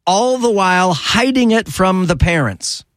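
A male talk radio host lays out his opinions in a slow, sarcastic monologue, hammering points home by repetition. His voice sits a touch high and the studio mic sounds dry and close. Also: lively intonation, no echo. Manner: sarcastic, repetitive, drawn-out emphasis. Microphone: studio microphone.

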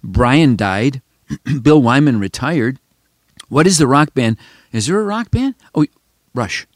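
A man's voice: mid-range voice, lively intonation, takes it slowly, no echo. A man in his seventies from Chicago, hosting a podcast and talking in a rambling, emphatic way straight to the listeners. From Chicago, United States. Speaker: podcast host. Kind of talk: casual reflective monologue.

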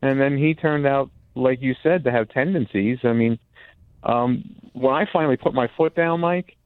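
A man's voice: mid-range voice, normal speed, smooth, no echo. A man calling in to a show by phone, telling a long story with many restarts. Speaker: caller. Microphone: telephone. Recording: tinny phone line.

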